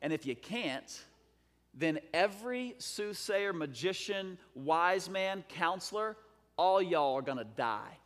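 A man's voice: sits high, animated, slow, fairly bright tone, heavily acted. A man playing a stern, suspicious ancient king who speaks bluntly and casually. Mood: threatening. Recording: long hall reverb.

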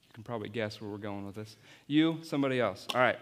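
A man's voice: fairly low pitch, fast talker, fairly bright tone. A man, apparently a youth pastor, giving an object-lesson sermon and playfully coaching volunteers on stage. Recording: long hall reverb.

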